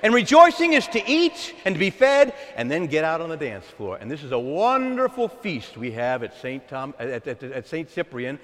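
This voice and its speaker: A man preaching a sermon as a pastor, calling out to the congregation in an animated, call-and-response way. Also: fairly high pitch, normal speed, few pauses. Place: large church. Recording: echoey church hall with long reverb.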